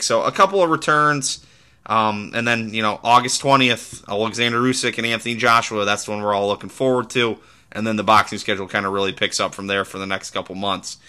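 A man's voice: fairly low pitch, fairly quick, pushed and bright, clean tone. A young adult man from the American Midwest hosting a casual solo podcast, telling rambling stories full of fillers and restarts. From Midwest United States. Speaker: podcast host.

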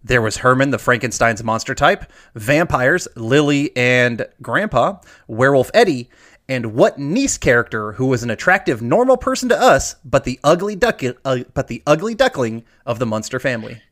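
A man hosting a trivia game, reading questions aloud and drawing out the verdicts. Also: mid-range voice. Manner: lively, drawn-out emphasis on answers. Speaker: quiz host.

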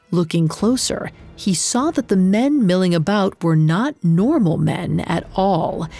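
A woman reading a story aloud in a steady, unhurried manner as its narrator. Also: on the low side, gravelly, slightly rough. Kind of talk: scripted narration.

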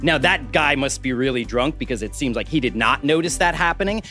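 A man narrating a tabletop game as game master, playful and animated. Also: mid-range voice, brisk, faint music behind.

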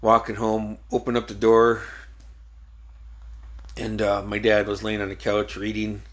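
A man's voice: lowish voice, completely flat delivery, measured pace, a bit bright. A man hosting a podcast, casually telling old stories with frequent swearing and laughter. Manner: laid-back storytelling with frequent swearing and laughs. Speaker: podcast host. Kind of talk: casual chat.

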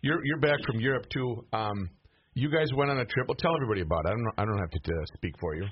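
A man's voice: mid-range voice, animated, quick pace, a little hiss or hum. A man hosting a casual radio chat in an easygoing, joking way. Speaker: radio host. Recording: dull lo-fi radio with faint music.

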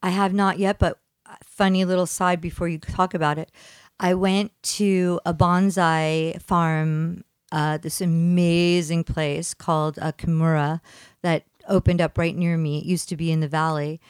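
A middle-aged woman co-hosting a casual chat, animated as she tells stories and acts out what others said. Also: unhurried, clear, resonant tone, no room sound, clean studio sound. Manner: animated storyteller, acts out quotes with raised pitch. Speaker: co-host.

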